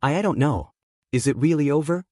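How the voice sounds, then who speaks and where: A tearful, shaken teenage boy, as a male narrator puts him on. His words come out halting and emotional, in a dry, close sound. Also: mid-range voice, very animated, a little mellow, no room sound.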